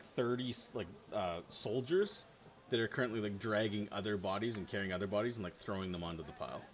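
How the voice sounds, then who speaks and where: Rambling man with a lively voice. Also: fairly low pitch, dull audio, slight background noise. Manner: rambling, full of ums and likes. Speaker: game master. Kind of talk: narrating a tabletop game.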